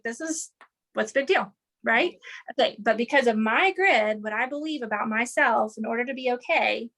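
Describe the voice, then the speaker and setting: In an interview, a woman with a slightly high voice explains an idea in an animated, teacherly way. She keeps checking in with "right?" and "okay".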